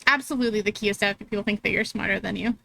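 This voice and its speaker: A woman's voice: medium pitch, rapid-fire, vocal fry, pushed and bright. A young woman streaming, chatting casually with her viewers and laughing often as she reads chat aloud.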